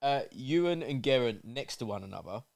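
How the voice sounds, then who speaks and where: A man's voice: medium pitch, expressive, creaky. A man hosting a casual fight watchalong, teasing his friends and laughing often. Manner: joking, teasing, quick laughs. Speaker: host.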